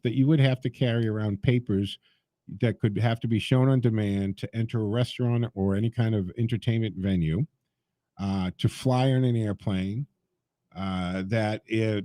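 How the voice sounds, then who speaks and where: Man, talk radio host; emphatic and sarcastic, warm low-bright timbre, close and dry. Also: no room sound. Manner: emphatic, sarcastic, speaks straight to listeners.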